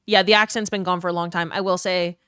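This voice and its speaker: A woman's voice: on the low side, fairly even intonation, fast talker, a bit bright, clear, resonant tone, no echo, clean studio sound. A young woman from New Orleans with a neutral accent, chatting casually with her live stream viewers, reading comments aloud and swearing now and then. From New Orleans, US South.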